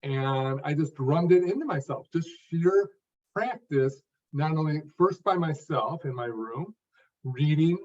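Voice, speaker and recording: Older man, slightly high voice, deliberate phrase-by-phrase delivery, dull distant video-call sound. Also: animated, darkish tone. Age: 50s or older. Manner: speaks in distinct phrases, stressing a word near each phrase end. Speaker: stuttering coach and guest. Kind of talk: interview answer, explaining his method.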